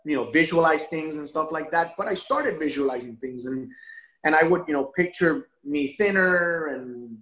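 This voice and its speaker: A man telling a personal story as an interview guest, animated and emotional, often repeating words as he restarts. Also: fairly high pitch, moderate pace, roomy sound, poor audio. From Miami area. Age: adult father of a young son.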